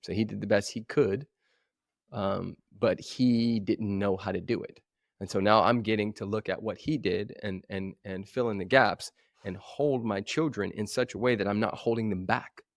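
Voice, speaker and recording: A man in his forties, a coach talking as a guest in a podcast interview, telling stories with animated energy and acting out other voices. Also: lowish voice, normal speed, vocal fry, no room sound, clean studio sound. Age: 40s. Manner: animated storyteller who acts out voices.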